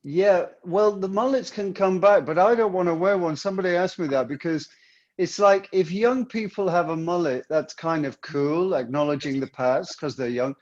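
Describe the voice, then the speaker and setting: A man with an English accent, a singer who is a guest on a video call, friendly and relaxed in casual chat. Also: sits high, moderate pace. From London, England. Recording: dull, muffled video-call audio.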